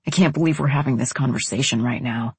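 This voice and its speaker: A woman's voice: a bass voice, fast talker, a little mellow, husky, no room sound, voice pushed down, full character voice. A woman reading an audiobook, voicing a blunt, hard-edged young man in terse, clipped lines. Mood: exasperated.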